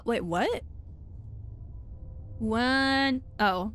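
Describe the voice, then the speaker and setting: A woman's voice: fairly high pitch, very slow, pauses often, a bit bright. A woman streamer giving horror game commentary, thinking aloud, swearing, with startled shrieks and laughs.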